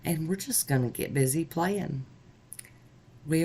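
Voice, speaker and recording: A woman's voice: low-pitched, normal speed, mellow, breathy edge. Upbeat woman talking viewers through her manicure step by step, chatty and easygoing, close to the mic. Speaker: nail art vlogger. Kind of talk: casual tutorial narration.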